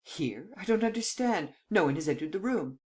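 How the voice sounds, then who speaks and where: Reader doing a pushy high-strung french premier guy, blustery, voice jumps up high. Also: expressive, close to an everyday voice. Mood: baffled. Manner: blustering, quick to exclaim. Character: impatient excitable French premier, man.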